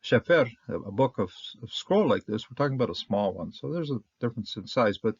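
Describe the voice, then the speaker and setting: Guy teaching a bible class, kinda gravelly, lots of uh's, dull dry recording. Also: medium pitch, animated, no room sound. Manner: halting, full of fillers and restarts; sounds out Hebrew words slowly. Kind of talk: casual lecture.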